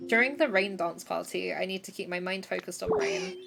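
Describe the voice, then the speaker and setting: Sleepy Slowpoke, as a woman reads his lines. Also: fairly low pitch, big pitch swings, creaky, background noise, full character voice. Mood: earnest. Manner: reads in-game dialogue aloud plainly. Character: sleepy male Slowpoke with big plans. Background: game music.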